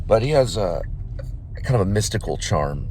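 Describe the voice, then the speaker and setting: Deep-voiced man rambling in a car. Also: moderate pace. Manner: meandering, hesitant, many restarts. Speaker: vlog host and screenwriter. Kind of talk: casual rambling monologue. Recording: steady car noise behind.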